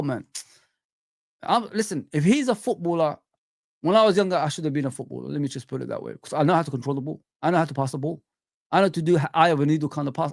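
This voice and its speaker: A man's voice: on the high side, gravelly, no room sound, clean studio sound. A young man hosting a casual live stream, reading out the chat and giving blunt, slangy football opinions. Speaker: livestream host reading chat.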